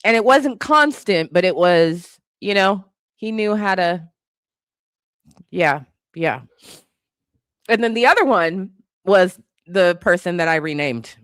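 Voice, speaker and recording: A woman's voice: fairly low pitch, lively intonation, slow pace, long pauses, fairly bright tone, smooth, no room sound, studio quality. A young woman hosting a casual livestream, reading chat guesses aloud, laughing often and teasing with casual swearing.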